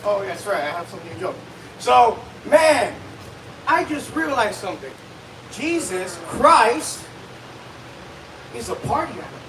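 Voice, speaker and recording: At a comedy club open mic, a man with a high voice and big pitch swings does a stand-up set at a moderate pace, shouting his crude one-liners to hammer them home. He's picked up from far off in an echoey room with faint background noise.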